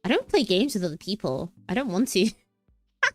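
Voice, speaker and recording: A young woman streamer with a mid-range, sing-song voice chats casually and playfully at a moderate pace, rambling and giggling between thoughts. Faint music sits in the background of her livestream.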